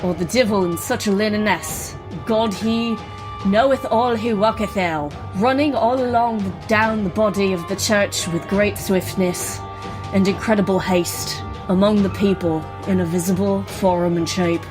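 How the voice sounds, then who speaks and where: A woman's voice: medium pitch, unhurried, over music, lightly acted, low-quality recording. A woman putting on an accent to read out an old preacher's chronicle in a solemn, old-fashioned way.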